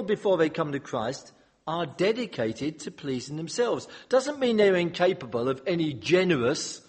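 Male preacher, slightly higher voice with a husky edge, animated sermon delivery, echoing church hall. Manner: animated expository preaching with humorous asides. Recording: long hall reverb.

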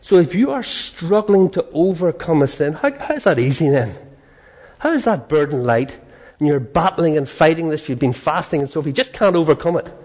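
A man preaching a sermon in an earnest, animated way, acting out prayers and quotes, with a soft laugh now and then. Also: fairly high pitch, a little fast, breathy edge.

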